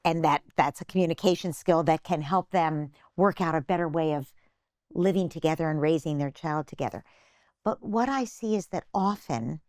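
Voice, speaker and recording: A woman's voice: lowish voice, a little mellow, no echo, studio quality. An older woman, a psychotherapist being interviewed, patiently explaining parenting advice and acting out little imagined phrases. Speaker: guest psychotherapist.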